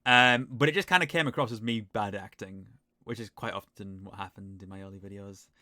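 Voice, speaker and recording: A man's voice: on the low side, fairly quick, bright, forceful tone, no echo. A man with a Northern English accent, rambling and self-deprecating as he reacts to his old video in casual commentary. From Northern England.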